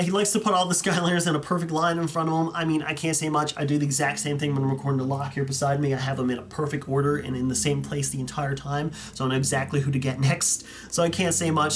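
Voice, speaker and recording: A man's voice: fairly high pitch, a little hiss or hum. A young man chatting casually and enthusiastically as he reviews viewer photos, rambling and correcting himself as he goes. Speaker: YouTuber reviewing fan collections.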